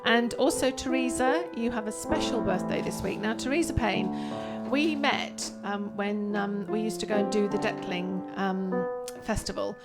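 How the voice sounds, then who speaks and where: A woman co-hosting a live stream, chatting warmly with frequent hesitations. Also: mid-range voice, normal speed, few pauses, loud music behind the voice. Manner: warm, chatty, hesitant with fillers. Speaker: co-host. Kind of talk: live-streamed casual chat.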